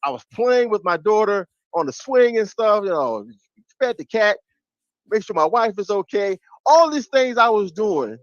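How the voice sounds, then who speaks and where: A man's voice: sits high, normal speed, dry recording. A man ranting and laughing in casual livestream chat, his talk full of restarts and sudden bursts. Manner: animated ranting, laughs between lines. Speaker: stream panelist. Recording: muffled lo-fi audio.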